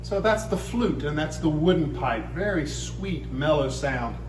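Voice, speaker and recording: A middle-aged church organist explaining how a chapel organ works, patient and step by step. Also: male voice, fairly high pitch, animated, a little slow. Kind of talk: explanatory demonstration. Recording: echoey chapel room.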